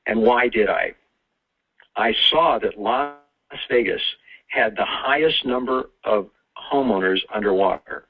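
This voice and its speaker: A man hosting a real estate investing webinar, upbeat and salesy, with quick delivery and asides. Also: on the low side, breathy edge. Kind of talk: presenting a webinar. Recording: tinny phone-line audio.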